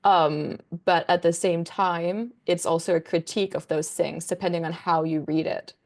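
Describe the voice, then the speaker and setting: A woman's voice: on the low side, steady tone, normal speed, darkish tone. A young woman, a book content creator, chatting as a guest in a casual interview, rambling enthusiastically with lots of fillers.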